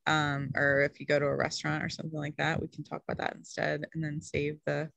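A woman's voice: low-pitched, little pitch movement, quick pace, gravelly, fairly bright tone, dry recording, poor audio. A woman leading a casual group video call as a food coach, chatty and rambling with lots of fillers, a little short of breath.

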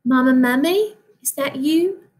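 A woman voicing a small, brave baby mummy boy who calls out in a high, pleading voice. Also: animated, measured pace. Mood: calling out.

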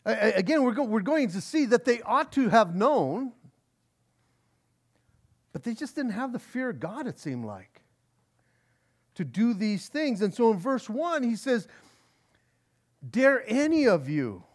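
A man preaching an expository sermon from the pulpit. His voice sits high and swings widely in pitch, and he often repeats and restarts words as he works through the text. His earnest delivery slows down for scripture. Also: big pitch swings. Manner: earnest, frequent stammered restarts; reads scripture aloud slowly. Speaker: pastor.

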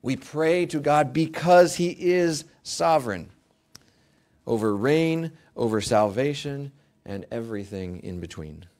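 A male pastor preaching a sermon, emphatic and rising to forceful peaks, acting out quoted prayers with mock pleading. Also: mid-range voice, animated, unhurried.

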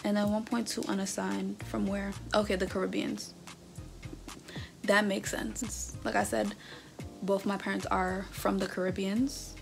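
Young woman, casual vlog chat, animated reactions, slight vocal fry, music underneath. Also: medium pitch, a little slow. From North America. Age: 20s. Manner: chatty, animated, reading results aloud with reactions. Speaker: vlogger.

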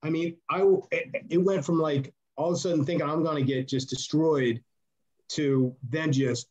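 A man telling backstage stories as a podcast guest, rambling and animated, loudly acting out the voices of the people he quotes. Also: fairly high pitch, moderate pace. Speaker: podcast guest, former wrestler. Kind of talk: casual storytelling interview.

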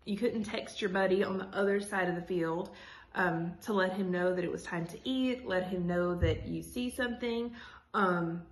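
A woman's voice: fairly low pitch, moderate pace. A woman teacher reading a children's chapter book aloud, stopping to explain in a casual way with many fillers. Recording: echoey room.

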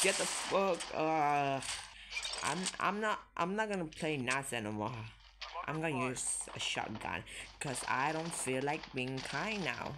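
A young man streams a mobile shooter game, offering casual commentary while jumpy, swearing constantly and yelping whenever he's startled. The audio is noisy and low quality, with loud hiss.

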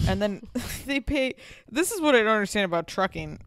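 A woman's voice: mid-range voice, expressive, moderate pace, clear, resonant tone, dry recording. A young woman co-hosting a casual podcast, blunt and profane, ranting animatedly about a reality show. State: pregnant. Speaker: podcast co-host. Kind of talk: casual chat.

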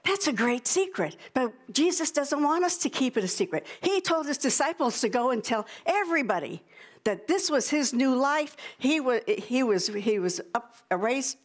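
A woman's voice: sits high, very animated, moderate pace. A woman pastor in a church sanctuary, leading a prayer and giving a playful, coaxing children's sermon.

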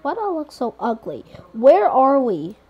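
A woman's voice: high-pitched, huge pitch swings, moderate pace, slightly rough, highs cut off, exaggerated voice. A woman voicing a frantic man who has just died and woken up dressed as a girl, yelping and groaning in a role-play game story. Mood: confused.

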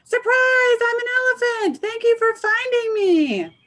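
A woman voicing a gleeful elephant from a storybook who pops up shouting in a shrill, triumphant squeal. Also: animated, unhurried, full character voice.

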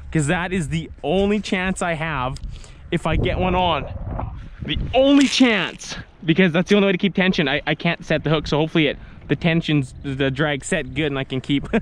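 Giggly, excitable high-voiced man. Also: a little hiss or hum. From Saskatchewan, Canada. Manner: giggly, easily startled, exclaims often. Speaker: fishing vlogger. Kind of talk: excited outdoor vlog commentary. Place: outdoors on the water in a boat.

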